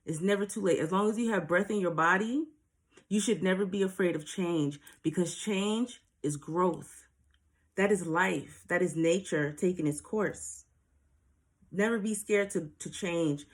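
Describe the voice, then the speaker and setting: A woman giving casual spiritual advice straight to her viewers, earnest and a little preachy, often asking them rhetorical questions. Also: medium pitch.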